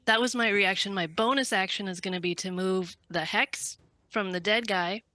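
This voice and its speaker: A woman's voice: mid-range voice, normal speed, pushed and bright, dry recording. A woman taking her turn as a player in a tabletop game, joking playfully as she goes. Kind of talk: casual tabletop game play.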